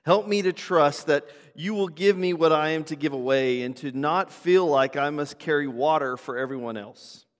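Male pastor, higher-pitched voice, earnest sermon delivery with restarts, long church reverb. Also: moderate pace, few pauses. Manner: earnest, with frequent fillers and restarts. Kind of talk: sermon with prayer and scripture reading. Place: church sanctuary.

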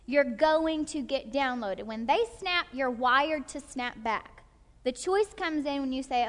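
A woman teaching a group in a live session. She talks in an animated way, acts out short quoted voices and keeps checking that her listeners follow. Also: high voice, normal speed. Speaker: workshop teacher. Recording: long hall reverb.

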